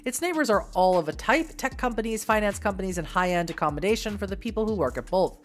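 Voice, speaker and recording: A woman's voice: medium pitch, lively intonation, fast talker. A woman reading an interactive novel aloud and breaking off for chatty asides, laughing and apologizing when she trips over names. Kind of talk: reading game text aloud with casual asides.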